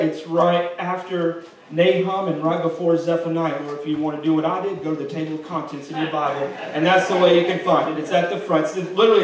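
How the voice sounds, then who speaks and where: A man's voice: on the high side, slight background noise. A young man preaching a sermon in a church, talking conversationally and restarting his phrases, growing intense when he voices prayers. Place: large church sanctuary. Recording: echoey hall from a distance.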